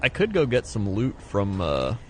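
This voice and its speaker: A man streaming a video game and chatting casually, animated and prone to mimicking people. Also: fairly low pitch, measured pace, slight background noise. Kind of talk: casual chat while gaming.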